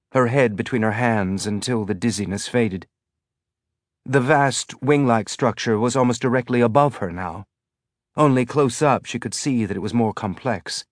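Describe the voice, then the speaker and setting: A man narrating an audiobook in a measured, tense storytelling manner. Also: mid-range voice, dry recording, clean studio sound. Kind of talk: scripted narration.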